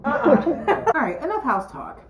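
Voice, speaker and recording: A woman's voice: high voice, sing-song, measured pace, echoey room, slight background noise, low-quality recording. Playful giggly young woman vlogging. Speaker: vlog co-host. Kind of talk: casual chat.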